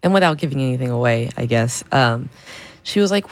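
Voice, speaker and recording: A woman's voice: animated, a little fast. A woman radio DJ back-announcing songs and telling a funny story in casual, chatty talk, laughing often, in a studio. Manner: chatty, storytelling, laughs often, imitates her mom in a higher voice. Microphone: studio microphone.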